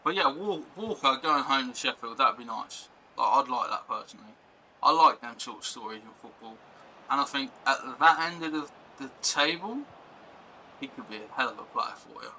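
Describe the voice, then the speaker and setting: A man's voice: mid-range voice, expressive, moderate pace, sharp tone, slight background noise, poor audio. A young man chatting casually on a live stream, rambling and reacting to chat and gameplay.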